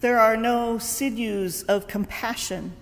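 Wry slow-spoken woman preacher. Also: on the high side, fairly even intonation, gravelly. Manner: wry, self-mocking humor. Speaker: priest. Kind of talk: sermon with a comic story reading. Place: church. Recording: long church reverb.

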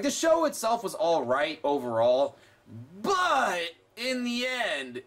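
A man's voice: high-pitched, a bit bright. A young man commenting on his gameplay, swearing constantly and ranting sarcastically. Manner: profane, sarcastic, rambling. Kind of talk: let's play commentary.

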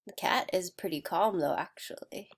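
A woman with a slightly low voice talks through her own vlog in a loose, rambling way. She pokes fun at herself as she goes and sometimes sinks to a soft near-whisper. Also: unhurried. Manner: self-mocking, rambling, laughs at herself. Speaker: video creator. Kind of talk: casual self-narrated vlog.

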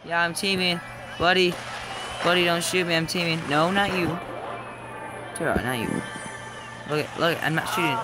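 A young man casually commenting on his own game, joking and shouting at teammates. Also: on the high side, normal speed, long pauses. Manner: excitable, jokey, shouts at teammates. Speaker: gameplay commentator. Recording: game music behind.

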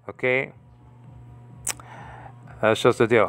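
Halting man teaching Hebrew letters. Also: medium pitch, a bit bright. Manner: halting, repeats words, checks in with "okay?". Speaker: Bible language teacher. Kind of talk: informal Hebrew lesson.

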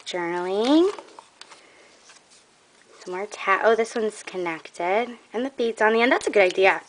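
A woman's voice: medium pitch, lively intonation, measured pace, a little hiss or hum. A young woman showing off a craft trade in a casual vlog, gushing and admiring, a bit out of breath.

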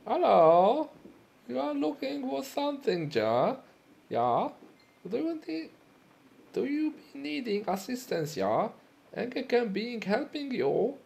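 A man's voice: very animated, slow pace, gravelly, heavily acted. A man doing a pushy mock-German shopkeeper. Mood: eager. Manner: broken grammar, high, loud and insistent. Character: pushy German male shopkeeper, eager to sell.

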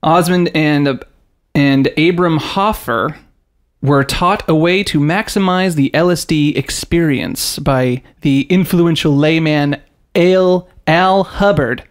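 Chatty host with lively storytelling. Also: male voice, on the high side, slow. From American South. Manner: animated storyteller, jumps into mock voices, swears. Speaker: podcast host. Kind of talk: casual podcast chat.

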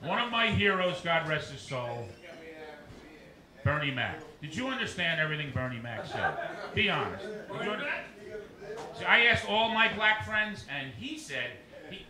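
High-pitched, animated stand-up man in a rowdy bar. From New Jersey. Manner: animated crowd work, rapid asides to hecklers. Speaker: stand-up comedian. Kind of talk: stand-up comedy set. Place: noisy dive bar stage. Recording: echoey bar with loud rowdy crowd.

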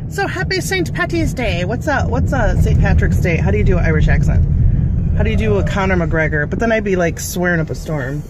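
A woman's voice: fairly low pitch, fairly quick, very noisy. A woman hosting a casual cooking vlog, chatting in a rambling way with fillers and asides. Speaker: cooking vlogger. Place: car, then home kitchen.

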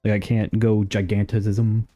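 A young man streaming a game and chatting casually, rambling along with sudden excited outbursts. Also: fairly low pitch, unhurried, soft background music. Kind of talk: casual live gameplay commentary.

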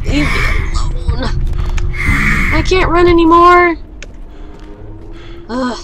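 A woman's voice: high voice, a little slow, pauses often, very noisy. A young woman playing a horror game on her channel, panicking, swearing and shrieking at what chases her. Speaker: gaming YouTuber. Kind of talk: horror game let's play commentary.

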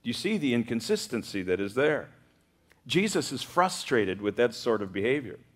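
Animated male pastor preaching. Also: medium pitch, normal speed. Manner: animated preaching, acting out quoted voices with humor. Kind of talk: sermon.

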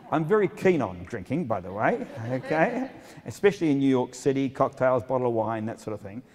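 A man's voice: medium pitch, big pitch swings, moderate pace, a little mellow. A middle-aged man, an author giving a humorous talk to an audience, self-mocking and full of asides. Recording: long hall reverb.

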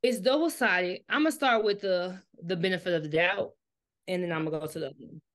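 A woman talks through a novel with a friend in a relaxed, chatty way. She retells scenes in a lively voice, then slows down to reason about the characters. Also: lowish voice. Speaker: book discussion host. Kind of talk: casual book chat.

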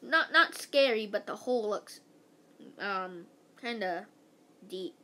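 A woman reading a children's book aloud in a halting way, stumbling and restarting words. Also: medium pitch, lively intonation, pushed and bright, a little hiss or hum. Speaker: reader.

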